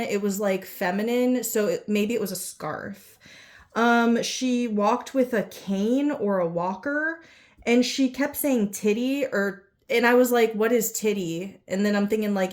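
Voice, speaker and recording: A woman giving a casual psychic reading, rambling and unsure, full of fillers and self-corrections. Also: medium pitch. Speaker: psychic reader. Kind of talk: casual spoken channelling reading.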